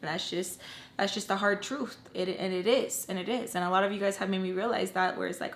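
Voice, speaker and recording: A woman telling a personal storytime, candid and blunt, swearing freely and dropping low and quiet at emotional moments. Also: fairly even intonation, a little fast. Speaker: storytime vlogger. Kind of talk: casual storytelling.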